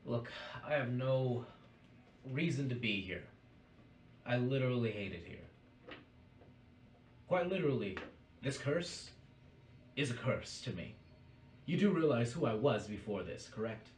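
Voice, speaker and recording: A man's voice: mid-range voice, very animated, measured pace, pauses often, a little mellow, a little hiss or hum. A man voicing a bitter, cursed man who was once renowned. He sounds sulky and defiant, in a roomy space from a distant mic.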